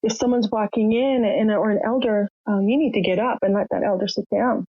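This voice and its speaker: A woman's voice: mid-range voice, steady tone, brisk, no room sound. An older woman telling her personal story as a podcast guest, candid and emotional, acting out the voices of the people in it. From Canada. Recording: muffled lo-fi sound, dry.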